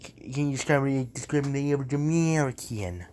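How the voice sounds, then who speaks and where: A man's voice: mid-range voice, normal speed, few pauses, darkish tone. A man rambling in a goofy, jokey way from his room while practicing on a language app. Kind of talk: casual rambling commentary.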